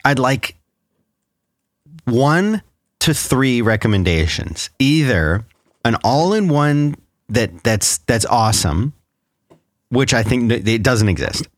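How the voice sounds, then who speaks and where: A man in casual tech chat as a podcast co-host, measured and dry, asking questions. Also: mid-range voice, animated, dry recording.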